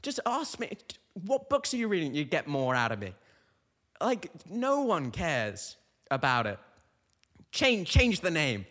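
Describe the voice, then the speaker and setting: A young man riffs through a loose stand-up monologue, his voice sitting a little high. He delivers it deadpan and meandering, breaking off and restarting his thoughts. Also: a little slow. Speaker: stand-up comedian, podcast host. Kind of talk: rambling comic monologue.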